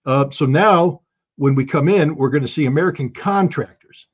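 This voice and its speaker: A man's voice: fairly high pitch, normal speed, breathy edge, dull audio. A man speaking as a guest analyst in an interview, blunt and emphatic, now and then bursting into alarm. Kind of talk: interview commentary.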